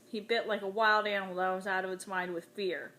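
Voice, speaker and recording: A woman reading a novel aloud in the first person with dramatic, expressive delivery. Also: medium pitch, brisk. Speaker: audiobook reader.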